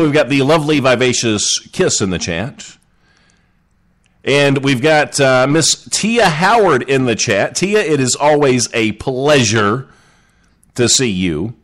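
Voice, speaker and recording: A podcast host from the Southern United States runs a casual live show, joking and chatting with listeners in the chat. His voice is mid-range with a fairly bright tone.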